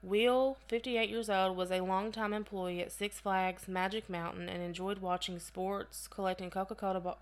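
A woman's voice: mid-range voice, fairly even intonation, moderate pace, few pauses. Chatty woman reading case notes. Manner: reads case notes aloud with chatty asides and laughs. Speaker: podcast co-host. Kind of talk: casual true-crime podcast reading.

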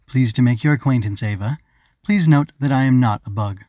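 A man voicing a tiny, fussy magical bug from a storybook, formal and proper, pitched a touch above a plain man's voice, dry close sound. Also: a little fast, a little mellow, no room sound, natural voice. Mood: prim. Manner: formal and proper, calls others dear. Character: small prim fussy glowing male bug creature.

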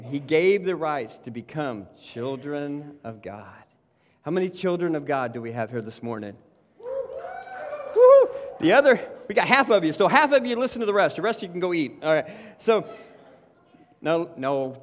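High-voiced pastor in a reverberant church. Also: male voice, sing-song, moderate pace, slight background noise. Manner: conversational, repeats words, says "you know" and "right" often. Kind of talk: sermon. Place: church sanctuary.

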